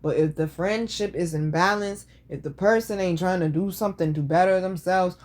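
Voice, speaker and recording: A woman's voice: lowish voice, moderate pace, darkish tone, slight background noise. A woman hosting a casual show, telling stories in a blunt, profane, sassy way. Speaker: podcast host. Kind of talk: casual storytelling chat.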